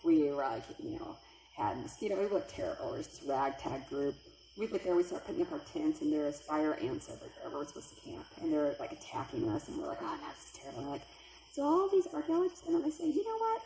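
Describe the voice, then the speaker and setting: A middle-aged woman telling a personal spooky story, lively and acting out the voices of the people in it. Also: fast talker, slight background noise. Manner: animated, acts out quoted voices with big pitch jumps. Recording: echoey room with faint ambience.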